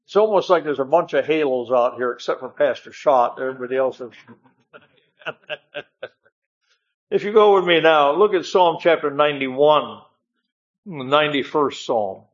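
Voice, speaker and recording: A man's voice: a little high, moderate pace, long pauses, dull audio. A man preaching a folksy, emphatic sermon in a church, often repeating amen. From northern United States. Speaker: guest preacher.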